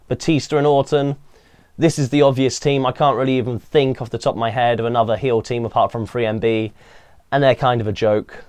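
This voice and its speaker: A man's voice: mid-range voice, clean tone. A young British man giving a casual, opinionated recap of a wrestling show, full of ums and uhs. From Britain. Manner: chatty, opinionated, with frequent "um" and "uh".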